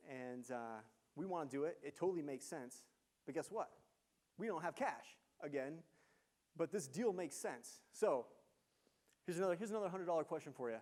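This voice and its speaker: A man giving a university lecture, telling business stories in an animated way and quizzing the audience. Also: a little high. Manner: animated storyteller, engages audience with questions. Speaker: guest lecturer, entrepreneur. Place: lecture hall.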